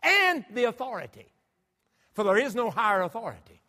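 A man's voice: high-pitched, huge pitch swings, a little fast, bright, forceful tone. A man preaching a sermon, emphatic and full of rhetorical questions to his congregation. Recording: long hall reverb.

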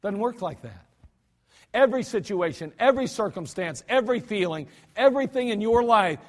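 A man preaching a sermon in a folksy, emphatic manner, with lots of repetition. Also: sits high. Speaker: pastor. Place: church sanctuary. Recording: archived church service with long hall reverb.

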